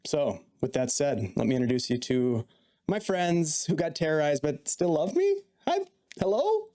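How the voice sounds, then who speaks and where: A man's voice: on the high side, sing-song, normal speed, dark tone. A man hosting a tabletop game podcast as dungeon master, with playful, teasing banter. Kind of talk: casual podcast chat.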